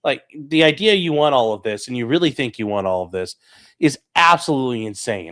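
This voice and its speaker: A man hosting a casual livestream chat, talking in an animated, mocking way and swearing freely. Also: mid-range voice, a little fast. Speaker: host.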